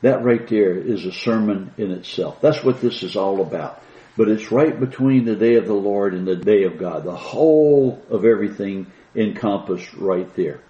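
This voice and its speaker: A man preaching in a low, mellow voice, leaning hard on each line of scripture and drawing it out for weight. He is recorded in a roomy space with a dull, muffled tone. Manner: slow, emphatic reading of scripture with rising stress. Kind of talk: sermon.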